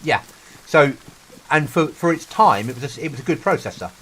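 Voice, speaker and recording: A man's voice: on the high side, expressive, moderate pace, fairly bright tone, slight background noise, rough recording. Earnest British man chatting while gaming. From Britain. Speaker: streamer. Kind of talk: casual chat while gaming.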